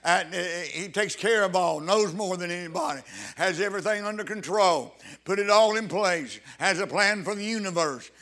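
Fervent male preacher with a high voice, stumbling restarts and loud rising emphasis. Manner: halting with repeated restarts. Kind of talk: sermon.

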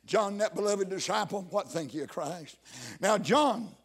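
A man preaching a fiery sermon, swinging from loud cries down to low, hushed tones. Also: expressive, measured pace.

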